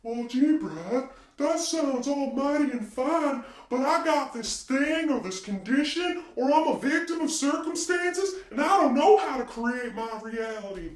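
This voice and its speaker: A man's voice: extremely high pitch, expressive, a little slow, reverberant, voice pushed up, poor audio. A man voicing a folksy, doubtful viewer who drawls and complains.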